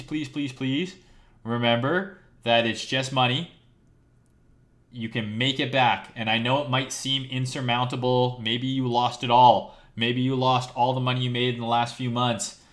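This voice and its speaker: A man with a worn, hoarse voice, a crypto trading streamer talking to his viewers in a blunt, casual live-stream rant, swearing freely and often tagging "right?" onto what he says. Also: medium pitch, fairly bright tone. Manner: blunt, profane, repeats "right?". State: losing his voice.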